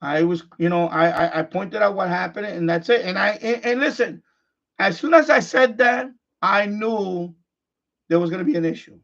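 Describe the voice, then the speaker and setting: A frustrated middle-aged man hosts a live stream in an unscripted monologue, speaking bluntly off the cuff, repeating himself and restarting sentences. His high voice is a bit bright with vocal fry, at a moderate pace, and the stream audio is dull and lo-fi.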